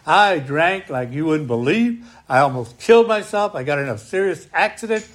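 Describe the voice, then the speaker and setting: Man, a bit high-pitched, giving a personal testimony at a recovery meeting; emphatic, keeps checking in with the room. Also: lively intonation. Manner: emphatic, rising and slowing when angry, tag questions "right?". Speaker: speaker sharing at a recovery meeting.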